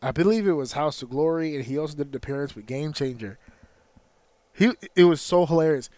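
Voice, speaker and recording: Brief: male podcast host, higher-pitched, swears freely, ranting and storytelling, dry close sound. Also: a little fast, dry recording. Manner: profane, animated storytelling with mock outrage. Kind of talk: casual wrestling chat.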